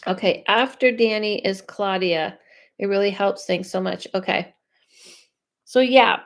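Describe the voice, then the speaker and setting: A woman psychic medium chats on a live stream, reading viewers' questions aloud and often restarting or thinking out loud. Her voice is medium-pitched and creaky, and she's in no hurry.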